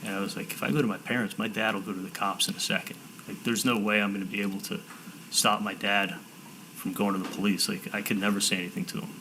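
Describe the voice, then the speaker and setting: A low-pitched man with a bright, forceful voice gives courtroom testimony. He talks in halting bursts, restarting and repeating words as he retells conversations. Faint room hiss sits behind him. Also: flat delivery, rough recording. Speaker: defendant testifying.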